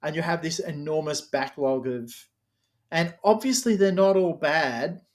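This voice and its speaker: Chatty higher-voiced male interviewer. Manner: chatty, animated, quick to joke. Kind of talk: casual conversation.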